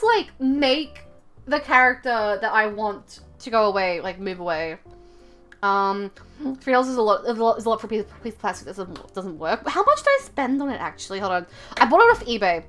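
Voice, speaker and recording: An Australian woman chats casually on a live stream, rambling with plenty of fillers and swearing often. Her voice is on the high side and a bit bright.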